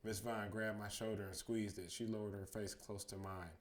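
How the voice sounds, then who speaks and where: A man reading a children's chapter book aloud as a bedtime story, steady in the telling and livelier on the quoted lines. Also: lowish voice, normal speed.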